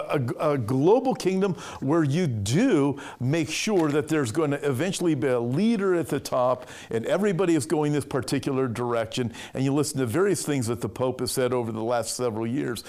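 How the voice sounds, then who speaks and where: A California pastor with a mid-range, darkish voice delivers an emphatic sermon on prophecy. He reads news quotes aloud and comments on each one.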